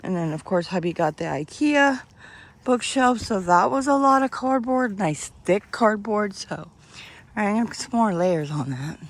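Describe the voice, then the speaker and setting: A woman's voice: mid-range voice, animated, normal speed. A woman, chatting casually and rambling as she does yard work outdoors, holding the camera close to her face. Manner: chatty, rambling, laughs often. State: out of breath at times. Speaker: vlogger. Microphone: handheld camera close to face.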